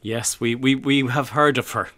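A man's voice: medium pitch, normal speed, fairly bright tone. A man hosting a talk show, chatty and teasing as he introduces and questions a guest. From Ireland.

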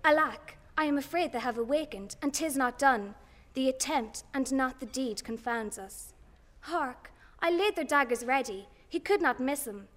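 A woman's voice: high voice, animated, normal speed, a bit bright. An actress playing a scheming, fearful noblewoman in classical stage style, urgent and commanding. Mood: tense. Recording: long hall reverb.

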